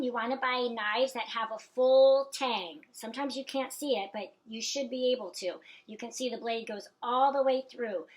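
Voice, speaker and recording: Middle-aged lady chef demoing knife basics, kinda high voice, folksy, keeps saying okay?. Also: a bit bright, rough recording. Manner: chatty, folksy teacher checking in with "okay?" and "alrighty". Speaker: cooking instructor. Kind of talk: hands-on cooking demonstration.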